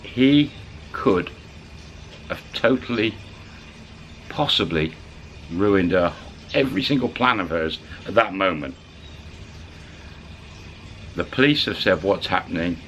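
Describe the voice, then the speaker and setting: Low-voiced man telling a story. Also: takes it slowly, long pauses, lo-fi sound, a little hiss or hum. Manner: colloquial, animated retelling of others' words. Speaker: channel storyteller. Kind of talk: casual spoken storytelling.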